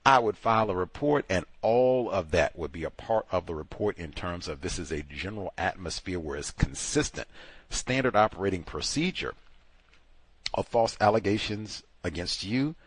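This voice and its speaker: A man's voice: deep voice, lively intonation, moderate pace, husky, dry recording. A man hosting a call-in advice show, talking emphatically and acting out other people mockingly. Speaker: host.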